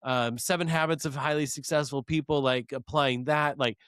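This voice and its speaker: A man's voice: medium pitch, steady tone, normal speed, fairly bright tone, smooth, dry recording. A man in his thirties, a podcast guest who tells stories with energy and acts out past scenes. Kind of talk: casual storytelling interview.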